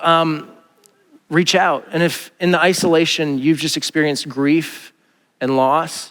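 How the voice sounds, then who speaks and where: A male pastor preaching a sermon in a conversational, joking way, often acting out quotes. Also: fairly high pitch. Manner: conversational, jokey, acts out quotes in a raised voice. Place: large church sanctuary. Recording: long hall reverb.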